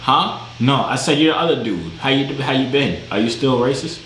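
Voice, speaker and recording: A man jokes loudly with strangers on a video chat, his pitch bouncing all over and his tone bright and sharp. He talks in quick slang from his gaming room. The room sounds echoey, with a faint hiss behind him. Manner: loud, animated, joking, slangy. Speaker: vlogger chatting with strangers online.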